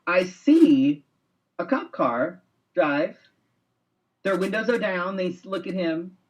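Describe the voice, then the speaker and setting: A man co-hosting a casual online talk show, telling a story with lots of swearing and animated quoting. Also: high voice, slow pace, rough recording. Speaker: co-host.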